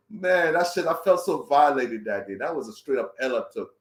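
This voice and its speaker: A man's voice: a little high, normal speed. A young man telling a travel story in casual, profane talk, acting out his own reactions as he goes. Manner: profane, animated retelling with voiced reactions. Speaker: travel vlogger. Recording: roomy echo.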